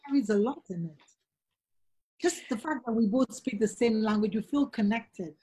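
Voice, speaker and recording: A woman's voice: on the high side, animated, normal speed, dark tone, husky. A middle-aged woman, a guest author telling stories in earnest and acting out the voices she quotes. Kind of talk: casual conversation.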